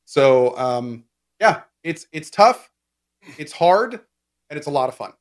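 A man's voice: a little high, lively intonation, slow. A man in casual gaming chat, explaining game mechanics at length with lots of fillers and restarts. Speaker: game discussion co-host.

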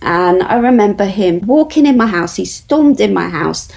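A woman tells her story as an interview guest, her voice carrying a gravelly fry. She speaks earnestly, framing events in terms of her faith, at a middle pitch. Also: lively intonation, normal speed, darkish tone, low-quality recording.

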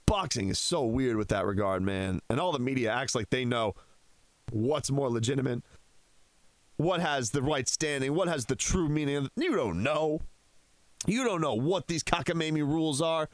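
A man's voice: a little high, dry recording. A man hosting a sports talk radio show from a studio, ranting with heated sarcasm.

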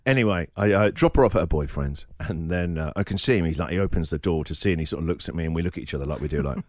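Lively middle-aged man telling a funny story. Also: sits low, quick pace, few pauses, no room sound. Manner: animated, jokey, laughing storyteller. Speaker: radio show host. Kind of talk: casual storytelling chat.

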